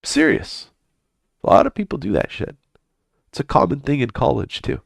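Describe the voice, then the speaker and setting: A man's voice: medium pitch, expressive, normal speed, creaky, no room sound, studio quality. A man hosting a live trading stream, chatting casually and with plenty of swearing, often mumbling in a half-whisper.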